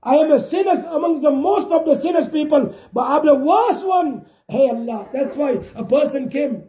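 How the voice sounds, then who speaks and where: Guy giving a fiery sermon, really high mellow voice, goes soft then shouts, echoey room. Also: expressive, moderate pace. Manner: impassioned, swinging from soft to shouting. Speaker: preacher. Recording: echoey, dull lo-fi room recording.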